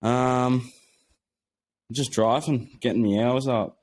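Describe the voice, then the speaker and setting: A man's voice: mid-range voice, fairly even intonation, takes it slowly, a little mellow. A teenage man, a podcast guest talking casually and eagerly, often restarting his sentences. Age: teens. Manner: eager, rambling with frequent restarts. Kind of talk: casual conversation.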